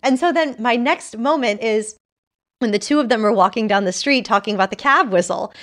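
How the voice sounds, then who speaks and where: A woman co-hosting a podcast, chatting casually about a TV show, animated and gushing, laughing often. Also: on the high side, fairly quick. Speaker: podcast co-host. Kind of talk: casual TV review chat.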